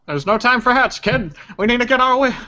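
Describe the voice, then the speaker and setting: A man's voice: very high-pitched, animated, fairly quick, sharp tone, voice pushed up, heavily acted. A man voicing a brash, bossy fifty-year-old character. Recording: dull lo-fi sound.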